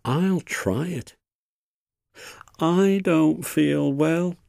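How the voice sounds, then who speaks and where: A man doing a conceited male steam engine in a storybook, pitched well up from his own voice with a husky edge. He talks slyly, full of excuses. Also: very animated, slow pace, warm tone, dry recording, clean studio sound, heavily acted. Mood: feigning illness.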